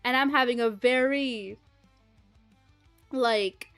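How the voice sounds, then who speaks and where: A young woman livestreaming, telling a rambling, animated story full of fillers, swearing and laughter. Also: on the high side, takes it slowly, faint music behind. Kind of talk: casual storytelling chat.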